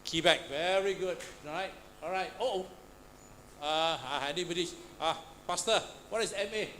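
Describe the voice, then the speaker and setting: A man leads a classroom lesson, quizzing students out loud and tossing in "huh?" and "all right" between questions. The recording is noisy, with a clear hiss of room noise behind him. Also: high voice, normal speed. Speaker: Pathfinder class instructor. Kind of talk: interactive classroom teaching. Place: church classroom.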